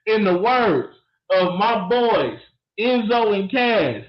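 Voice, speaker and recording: A man's voice: high voice, animated, slow. A man co-hosting a sports podcast, talking emphatically with laughter and playful trash talk. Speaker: podcast co-host. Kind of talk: casual sports chat. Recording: echoey, dull lo-fi room sound.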